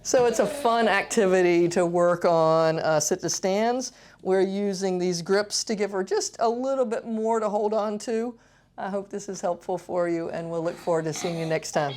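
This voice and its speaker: A woman's voice: medium pitch, normal speed, darkish tone. A woman pediatric physical therapist explaining an exercise and playfully coaxing a young child. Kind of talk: instructional demonstration.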